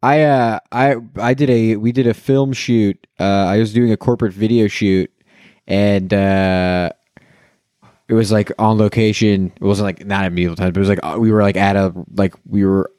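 A man's voice: fairly low pitch, normal speed, smooth, dry recording, studio quality. A man co-hosting a casual chat, telling stories with lots of laughter and silly voices. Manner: laughing, animated storyteller doing silly voices. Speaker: podcast co-host.

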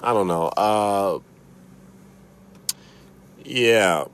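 A man with a Chicago accent hosts a loose, profane podcast while sitting in his car, wandering from one thought to the next. His voice sits very low and deep. He chuckles at himself as he rambles. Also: very slow, a bit bright. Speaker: podcast host. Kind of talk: casual solo podcast rambling.

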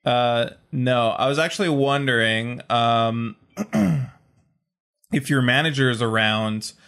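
A man's voice: medium pitch, takes it slowly, gravelly, fairly bright tone, clear, resonant tone. A man playing a tabletop game, talking casually and hesitantly as he decides his moves. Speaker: player.

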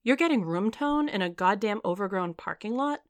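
A woman's voice: mid-range voice, lively intonation, moderate pace, no room sound, lightly acted. A woman voicing a sarcastic, irritated young man in a story. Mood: incredulous. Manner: snappish, exasperated.

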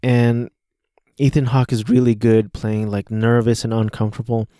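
A man's voice: mid-range voice, flat delivery, moderate pace, dark tone, clear, resonant tone, dry recording, studio quality. A man hosting a casual solo podcast, talking through a movie he watched, rambling and hesitant with many restarts. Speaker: podcast host.

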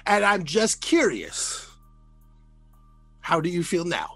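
Bright-voiced, animated man hosting a podcast. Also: sits high, slow pace, dry recording, soft background music. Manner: animated, profane, self-mocking, laughs often. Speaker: podcast host. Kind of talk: casual trash-talk chat.

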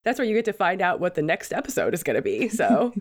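A woman's voice: on the low side, sing-song, fast talker. Chatty woman podcast host with sick voice. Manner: chatty, laughs between points. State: sick, hoarse-sounding voice. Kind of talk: casual podcast chat.

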